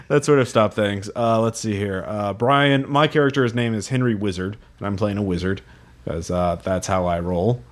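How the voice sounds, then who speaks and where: A man co-hosting a casual tabletop gaming podcast, relaxed and chuckling as he shares game quotes and reads forum stories aloud. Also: lowish voice, unhurried. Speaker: podcast co-host.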